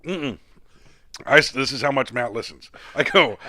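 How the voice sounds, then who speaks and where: A man's voice: mid-range voice, moderate pace, bright, forceful tone. A man co-hosting a casual comedy podcast, teasing and laughing often. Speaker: podcast co-host.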